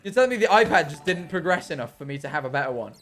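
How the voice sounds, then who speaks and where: A man's voice: on the high side, lively intonation, racing, fairly bright tone, soft background music. A young British man chatting casually on a live stream while gaming, rambling and ranting with self-deprecating humour. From Britain. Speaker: livestreamer.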